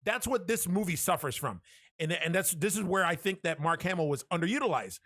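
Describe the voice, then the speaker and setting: Casual: cussing podcast guy, kinda high voice, gets animated retelling stuff, dry close mic. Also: brisk, no echo. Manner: profane, animated retelling with impressions. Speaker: podcast co-host.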